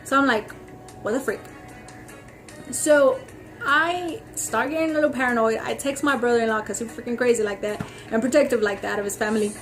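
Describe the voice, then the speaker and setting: A woman's voice: a little high, fast, soft background music. Rambling, chatty young woman vlogger. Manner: rambling, heavy on "like" and "freaking"; animated storytelling, acting out others' lines. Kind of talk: casual rant to camera.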